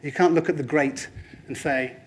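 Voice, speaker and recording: Animated high-voiced man presenting. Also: normal speed, slight background noise. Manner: animated, putting on other people's voices in quoted asides. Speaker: speaker at a training talk. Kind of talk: lively motivational presentation.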